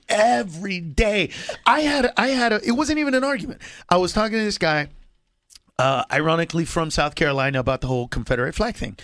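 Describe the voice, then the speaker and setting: A male comedian, a guest on a morning radio show, talking in an excitable, animated way and laughing as he goes. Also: high-pitched, a little fast, crowd noise. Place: radio studio.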